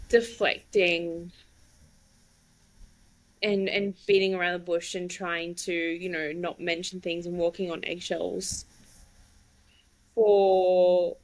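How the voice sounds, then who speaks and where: Slow-talking woman, earnest and frank. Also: medium pitch, low-quality recording. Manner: earnest, frank, with casual swearing. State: tearful. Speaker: podcast co-host. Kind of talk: supportive casual chat.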